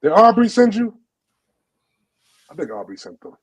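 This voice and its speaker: A man's voice: high voice, huge pitch swings, slightly rough. Man chiming in on a live podcast. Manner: quick chiming-in remarks. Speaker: podcast co-host. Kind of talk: casual live podcast banter.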